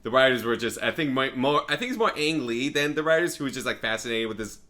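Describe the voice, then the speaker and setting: A man's voice: mid-range voice, animated, fast, bright, forceful tone. A man in casual podcast chat, rambling through a movie recap with lots of fillers and laughs. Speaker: podcast co-host.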